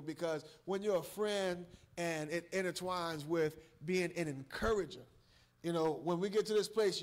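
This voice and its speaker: High-voiced preacher man. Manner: emphatic, repeats words and restarts, chuckles. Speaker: guest preacher, church elder. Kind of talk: revival sermon with call-and-response.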